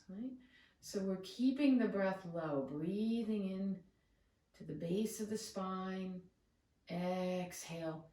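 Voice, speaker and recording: A woman yoga teacher leading a guided breathing meditation with slow, soothing cues. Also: on the low side, dark tone, recorded from a distance. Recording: echoey room, away from the mic.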